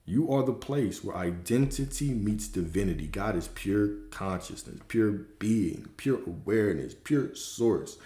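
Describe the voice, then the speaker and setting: A man's voice: on the low side, lively intonation, unhurried, few pauses, mellow. A man who works as a spiritual coach, giving a casual, emphatic livestream talk that repeats its points and swears freely. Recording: roomy echo.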